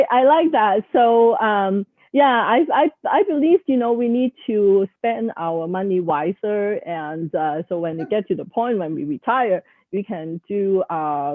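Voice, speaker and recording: A woman hosting an interview, summarizing for viewers and pausing often to search for words. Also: medium pitch, animated, no room sound. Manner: hesitant, with frequent filler sounds. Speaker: host. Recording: tinny phone-like line, dry.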